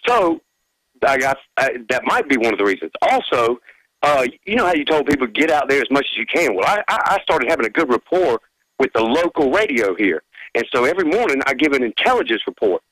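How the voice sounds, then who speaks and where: A man's voice: mid-range voice, sing-song, a little fast, fairly bright tone, dry recording, rough recording. Guy calling into a radio show, rambly, lots of ups and downs, dry sound. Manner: chatty and rambling, with many fillers. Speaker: caller. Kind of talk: phone-in call to a radio show.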